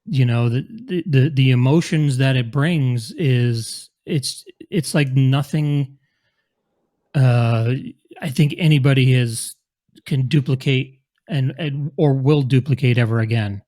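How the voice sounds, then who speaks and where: A man's voice: medium pitch, slow pace, dark tone. A man co-hosting a casual chat, asking questions and speaking hesitantly. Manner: hesitant, many fillers and restarts.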